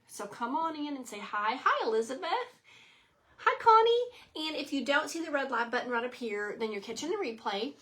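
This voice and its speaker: A woman's voice: fairly high pitch, lively intonation, fast talker, hardly any pauses, pushed and bright. Chatty woman hosting a craft live stream. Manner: chatty, rambling, greets viewers by name. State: slightly out of breath. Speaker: craft show host.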